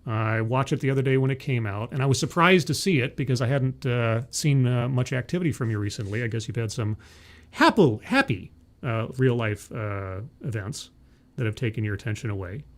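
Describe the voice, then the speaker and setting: A man's voice: medium pitch, fairly quick. Chatty male interview host. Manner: energetic, chatty, self-correcting. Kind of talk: live-streamed interview.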